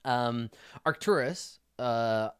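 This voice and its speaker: A man's voice: mid-range voice, takes it slowly, clean tone, no room sound, studio quality. A man narrating a tabletop game as game master in a casual, filler-heavy way.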